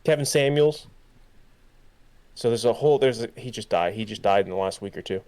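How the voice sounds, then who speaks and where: A man's voice: on the low side, quick pace, darkish tone. A young man co-hosting a podcast, talking in a loose, rambling way with many fillers and restarts. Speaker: podcast co-host. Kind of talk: casual chat.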